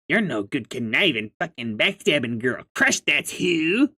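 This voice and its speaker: A man's voice: a little high, sing-song, measured pace, sharp tone, heavily acted. A man reading aloud as a pushy, profane young sea troll with schemes of his own, speaking in a mocking tone. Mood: scornful.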